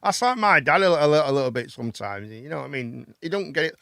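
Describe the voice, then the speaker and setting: A man's voice: a little high, lively intonation, fast talker, gravelly, crowd noise. A man hosting a casual chat show, rambling and swearing between laughs. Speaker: host.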